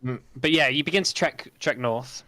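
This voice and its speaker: A man's voice: medium pitch, moderate pace, pushed and bright, no echo. A man running a tabletop game as game master, narrating hesitantly with many fillers. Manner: hesitant, many ums and likes.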